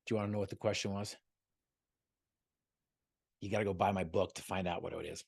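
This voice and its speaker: A man's voice: deep voice, steady tone, fairly quick, gravelly, slightly rough. A man giving a motivational talk over a video call, telling a story and firing off repeated rhetorical questions. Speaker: motivational speaker guest.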